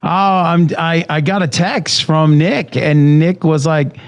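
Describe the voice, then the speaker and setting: A man's voice: fairly high pitch, steady tone, takes it slowly, lo-fi sound. Chatty man joining a podcast call. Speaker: podcast regular. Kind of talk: casual chat. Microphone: video call from a studio.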